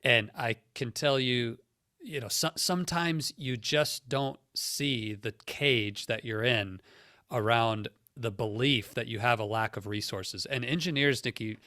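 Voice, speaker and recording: A man's voice: medium pitch, a little slow, sharp tone, no echo, clean studio sound. A middle-aged man hosting a podcast, earnest and reflective, who explains his points step by step. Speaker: podcast host, career coach. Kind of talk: conversational coaching talk.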